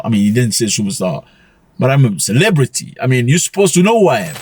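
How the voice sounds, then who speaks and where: Man, casual commentary vlog, husky voice, lively swinging pitch, rhetorical questions, chuckling. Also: fast, no echo. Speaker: commentary channel host.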